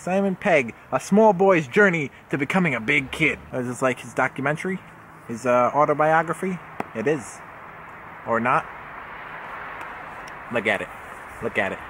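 A man's voice: mid-range voice, animated, moderate pace, pauses often, fairly bright tone, slight background noise. A young man vlogging as he unboxes a subscription box, rambling and jokey, often correcting himself. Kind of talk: casual unboxing vlog.

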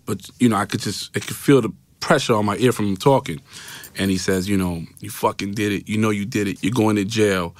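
A man's voice: on the low side, no echo. A man with a New York accent, a guest on a podcast, telling a personal story in a loose, repetitive way and acting out the voices of people in it. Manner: storytelling, acts out quoted voices, repeats "right?". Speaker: interview guest. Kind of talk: recounting a personal story in an interview. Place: podcast studio. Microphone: studio mic.

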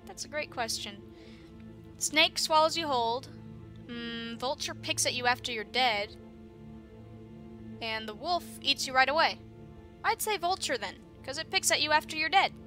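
A woman's voice: high-pitched, lively intonation, moderate pace, long pauses, sharp tone, faint music behind. A young woman giving casual, chatty commentary while playing a horror game, with laughing asides. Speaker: gamer. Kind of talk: casual let's-play commentary.

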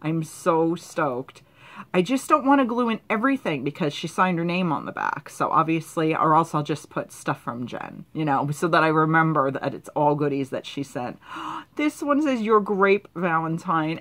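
A woman's voice: on the low side, expressive, moderate pace, pushed and bright. Young woman vlogging, super gushy, lots of gasps and squeals. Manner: gushing, gasps and squeals often. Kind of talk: excited unboxing chat.

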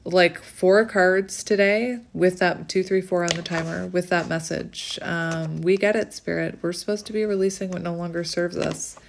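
Soft-spoken woman reading oracle cards. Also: lowish voice, fairly even intonation, normal speed, vocal fry, few pauses, a little hiss or hum. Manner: soft, gushing, reads card text aloud. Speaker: tarot reader. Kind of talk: casual oracle card reading.

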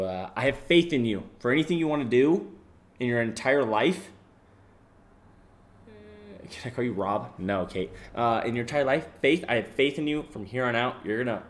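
A young man live-streaming, casually reading out donations and thanking viewers, swearing freely and yelling when a game goes wrong. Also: medium pitch, fairly quick. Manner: excitable, swears freely, yells during gameplay. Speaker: livestreamer.

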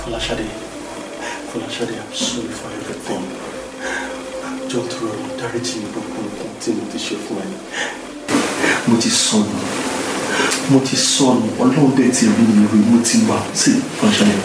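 A man's voice: fairly low pitch, steady tone, quick pace, close to an everyday voice. A man with a Yoruba Nigerian accent acting a remorseful husband who begs his wife's forgiveness, switching between Yoruba and English. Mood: pleading. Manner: pleading, apologetic, mixing Yoruba and English. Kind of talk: Nollywood film acting. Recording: echoey room, distant mic, background noise.

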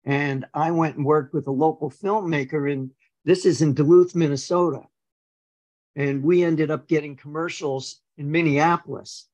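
Older man telling stories with animated energy. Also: on the high side, moderate pace, no room sound, rough recording. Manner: animated, acts out quoted dialogue with stammered repeats. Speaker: guest. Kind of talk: casual storytelling.

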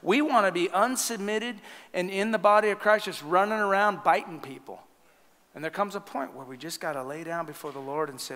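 Pastor type, bright and fairly high voice, lively storytelling sermon, church reverb. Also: male voice, a little fast. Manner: animated storytelling, laughing at his own stories. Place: church sanctuary. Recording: long church hall reverb.

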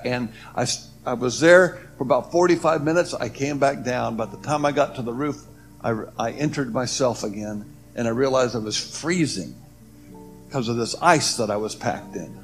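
A man telling a personal testimony story, swinging between loud emphatic lines and hushed, low ones. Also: moderate pace, soft background music. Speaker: testimony speaker.

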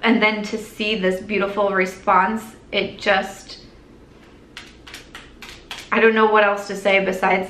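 A woman's voice: medium pitch, level tone, moderate pace, fairly bright tone. Chatty young woman vlogging makeup. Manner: rambling, lots of "like" and restarts, earnest. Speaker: beauty vlogger. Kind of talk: chatty get-ready-with-me vlog. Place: at home doing makeup. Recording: echoey room.

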